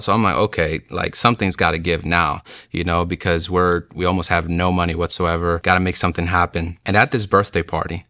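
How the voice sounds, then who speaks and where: A man's voice: sits low, sharp tone, no room sound, studio quality. A young man telling a personal faith testimony in an earnest, emotional way, full of casual fillers. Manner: earnest, emotional, many "like" and "you know" fillers. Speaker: speaker sharing a conversion testimony.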